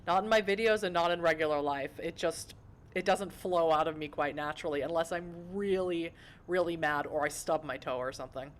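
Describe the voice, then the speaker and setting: A woman's voice: deep voice, a little fast. A young woman streaming a story game, reading it aloud with giggly, self-mocking asides.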